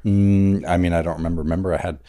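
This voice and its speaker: A man's voice: low voice, steady tone, quick pace, mellow. A man co-hosting a podcast, chatting casually and making wry, dry jokes. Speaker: podcast co-host. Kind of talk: casual chat.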